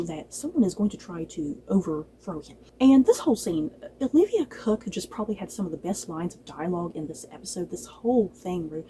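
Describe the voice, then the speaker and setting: A woman casually reviewing a TV episode, chatty and animated, laughing often and acting out lines from the show. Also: medium pitch, slight background noise, low-quality recording. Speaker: book and TV reviewer.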